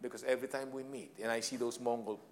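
A man's voice: medium pitch, little pitch movement, fast, very noisy. Theatrical Filipino man telling stories. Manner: theatrical storyteller, chuckles at his own jokes, mixes in Tagalog phrases. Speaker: speaker on leadership. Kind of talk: humorous motivational talk with personal stories.

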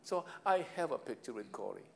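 A man's voice: medium pitch, very animated, fairly quick, creaky, slight background noise. Theatrical Filipino man telling stories. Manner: theatrical storyteller, chuckles at his own jokes, mixes in Tagalog phrases. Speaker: speaker on leadership. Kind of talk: humorous motivational talk with personal stories.

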